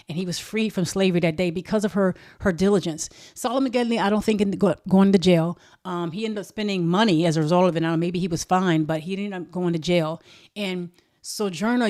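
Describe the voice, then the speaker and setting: Woman storyteller, lower register, quick animated delivery with repeated words. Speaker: history storyteller. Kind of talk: casual spoken storytelling.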